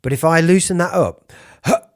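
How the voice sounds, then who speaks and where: A raspy, breathy-voiced man giving a casual singing lesson, demonstrating sounds as he explains. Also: mid-range voice, expressive, normal speed. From United Kingdom. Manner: informal, demonstrates sounds mid-sentence. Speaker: vocal coach.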